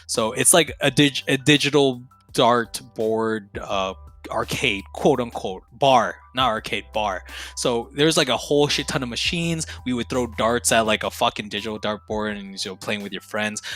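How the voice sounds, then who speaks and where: A young man, a podcast guest, telling stories in a casual, slangy, profane and excitable way. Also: medium pitch, moderate pace, faint music behind. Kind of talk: casual storytelling.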